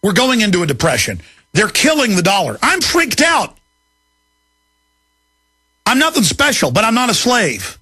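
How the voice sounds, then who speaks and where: Radio host guy ranting mad, bright husky voice, dry sound. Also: sits high, wildly swooping pitch, normal speed, long pauses, no echo. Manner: angry, emphatic, rising to shouts. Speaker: radio talk show host. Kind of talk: ranting talk radio monologue.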